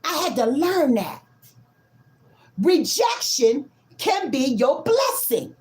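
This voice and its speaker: A woman with a high voice gives a casual collective tarot reading. Her pitch swings widely as she lectures bluntly and profanely. She stretches out the words she wants to stress. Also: big pitch swings, a little mellow. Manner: emphatic, drawn-out stresses. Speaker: tarot reader.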